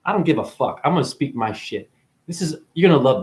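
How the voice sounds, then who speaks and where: A man's voice: medium pitch, animated, brisk, darkish tone. A man delivering a profane, preachy spiritual rant straight at his viewers, swearing freely as he lectures them. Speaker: vlogger.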